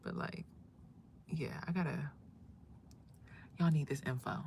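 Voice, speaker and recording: A woman hosting a livestream in casual talk, giving spiritual advice in a loud, emphatic, profane and preachy way. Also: sits low, measured pace, creaky, a little hiss or hum. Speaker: livestream host.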